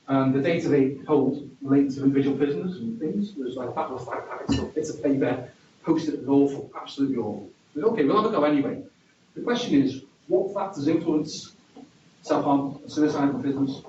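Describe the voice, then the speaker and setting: A man's voice: mid-range voice, dark tone, slight background noise. Wry man presenting in an echoey hall. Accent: regional accent. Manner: wry, conversational, self-deprecating. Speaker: conference speaker. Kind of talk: conference presentation. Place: conference hall. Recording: distant, dull, echoey hall recording.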